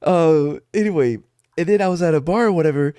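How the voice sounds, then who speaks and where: A man's voice: a little high, fairly quick, clear, resonant tone, dry recording. A man co-hosting a casual podcast chat, telling stories with lots of swearing. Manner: profane, animated storyteller. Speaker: podcast co-host. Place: San Antonio.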